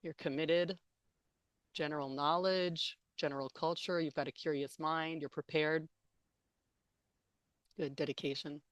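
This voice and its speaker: A young woman with a low voice runs a lively online session over a computer mic, chatting and joking with her audience. Her sound is dry and close. She reacts to the chat as she goes. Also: a little slow, long pauses, no room sound. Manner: chatty and playful, laughs and reacts to chat comments. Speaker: interpreting trainer giving an online talk. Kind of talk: live webinar presentation with audience chat. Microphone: computer mic on a video call.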